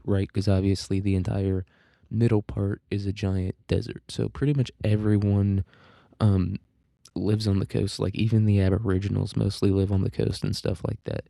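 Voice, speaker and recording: A man's voice: lowish voice, creaky, mellow, dry recording, studio quality. A man hosting a casual solo podcast, rambling offhand with crude jokes, fillers and restarts. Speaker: podcast host.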